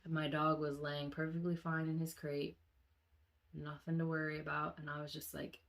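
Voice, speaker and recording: Young woman vlogger w a deep-ish voice, chatty storytelling, goes soft and quiet when she reflects. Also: normal speed, gravelly. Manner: animated storyteller, acts out quoted voices with sudden high pitch jumps; drops to a soft, low murmur when reflecting. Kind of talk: casual dream retelling.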